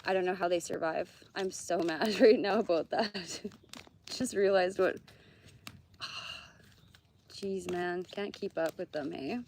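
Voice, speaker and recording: A woman's voice: on the low side, a little slow, darkish tone, a little hiss or hum. A middle-aged woman from Canada doing a casual live-stream tarot reading outdoors by a fire, chatty and swearing freely. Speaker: tarot card reader.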